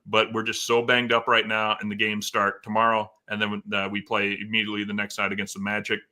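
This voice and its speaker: Guy hosting a sports show, super bright voice, jokey and laughing a lot. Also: on the low side, completely flat delivery, fairly quick. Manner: laughs often, teasing. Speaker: podcast host. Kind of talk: casual sports chat.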